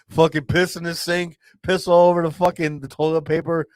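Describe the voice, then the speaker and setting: A man's voice: on the high side, flat delivery, brisk, hardly any pauses, darkish tone, no echo. A man telling a rowdy story as a podcast co-host, swearing constantly and laughing as he rambles. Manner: profane, rambling, laughs often. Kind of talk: casual storytelling chat.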